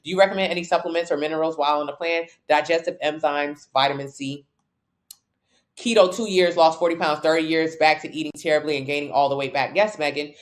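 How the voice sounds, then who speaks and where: A woman fitness coach with a low-pitched voice talks quickly in a steady tone. On a casual livestream, she answers viewers' questions bluntly, brashly, and with plenty of jokes.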